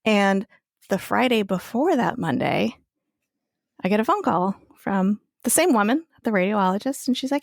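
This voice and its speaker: An animated woman co-hosting a podcast tells a story in casual chat, swearing freely and acting out quoted voices. Her voice sits on the high side and moves fairly quickly, in clean studio sound with no room echo.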